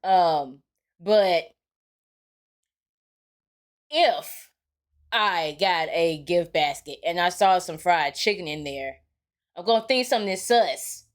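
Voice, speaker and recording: A woman's voice: on the low side, animated, slow pace, pauses often. Chatty woman reacting to a clip. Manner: chatty, laughing asides. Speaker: reaction video host. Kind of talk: casual reaction commentary.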